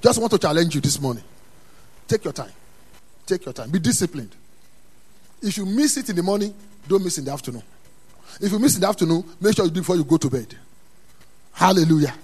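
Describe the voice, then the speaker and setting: A man preaching a sermon in a church, dropping to quiet asides and then rising to loud, emphatic calls. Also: high-pitched, lively intonation, brisk, long pauses, husky. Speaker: pastor.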